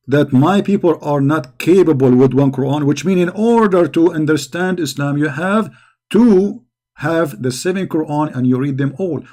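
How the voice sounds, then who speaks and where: A man's voice: a little high, a little mellow. A man giving combative commentary, mocking and challenging his opponents in broken English. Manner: mocking, challenging, non-native grammar.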